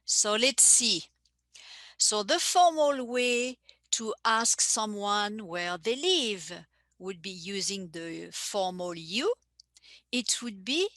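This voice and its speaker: Slow, bright-voiced teacher woman. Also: mid-range voice, lively intonation, dry recording. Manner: slow, careful, repeats phrases for learners. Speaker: French teacher. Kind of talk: live online language lesson.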